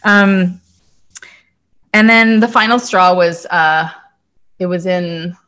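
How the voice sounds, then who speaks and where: A woman's voice: fairly low pitch, slow, sharp tone. A woman in her thirties from Canada, a podcast guest and intuitive coach telling her own story in a chatty, casual way, swearing freely and saying "like" often.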